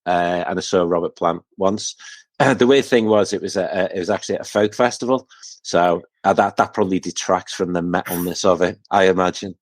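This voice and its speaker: A man's voice: sits low, brisk, dry recording. A man from England chatting on a podcast, hesitant and self-deprecating, with stammering restarts. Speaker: podcast guest. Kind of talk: casual chat.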